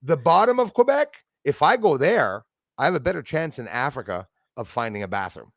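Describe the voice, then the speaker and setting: A man whose first language is French, hosting a casual chat and telling animated stories with mimicked accents. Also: on the high side, fairly quick, no echo. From Canada. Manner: animated storyteller, mimics accents, laughs often. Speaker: channel host.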